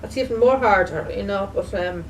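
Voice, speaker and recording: A woman video blogger speaking in a casual, halting way, full of fillers and restarts, and sounding emotional and grieving. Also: mid-range voice, recorded from a distance, slight background noise, rough recording. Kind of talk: casual spoken remembrance.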